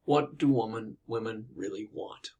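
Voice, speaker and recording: A man's voice: lowish voice, normal speed, warm tone, distant mic, natural voice. A man doing a demanding queen. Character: commanding queen.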